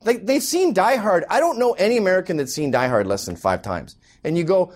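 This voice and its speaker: Animated Canadian man ranting. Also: fairly high pitch, a little fast, hardly any pauses. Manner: exasperated, mocking, animated. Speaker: comedian. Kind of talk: stand-up comedy rant.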